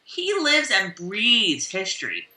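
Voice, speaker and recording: A woman co-hosting a casual recap chat, chatty and quick to laugh, with lots of fillers. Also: mid-range voice, huge pitch swings, bright, forceful tone, far from the mic. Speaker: podcast co-host. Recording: roomy and off-mic.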